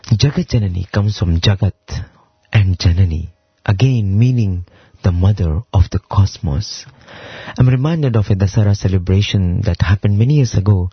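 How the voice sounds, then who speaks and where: A man giving a devotional talk, telling a story reverently with slow, emphatic phrasing. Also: on the low side, slightly rough, no echo, muffled recording. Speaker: devotional speaker. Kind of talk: devotional talk explaining a hymn.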